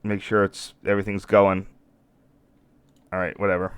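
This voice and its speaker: A man with a lowish, smooth voice talks his way through a live stream, rambling and cutting himself off. He is losing his voice a little. The sound is dry and close. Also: level tone, normal speed, no echo. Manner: rambling, self-interrupting, apologetic. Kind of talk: casual live-stream commentary.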